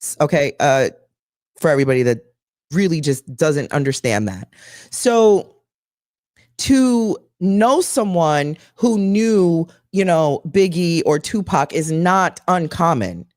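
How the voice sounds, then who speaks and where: A woman hosting a casual talk show, telling a gossipy story in an animated way and acting out what others said. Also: deep voice, slow pace, dry recording, clean studio sound. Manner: animated, gossipy, acts out quotes. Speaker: show host.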